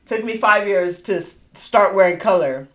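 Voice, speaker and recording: A woman hosting a podcast, telling a personal story in casual chat, animated and quick to swear. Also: mid-range voice, roomy sound. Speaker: podcast host.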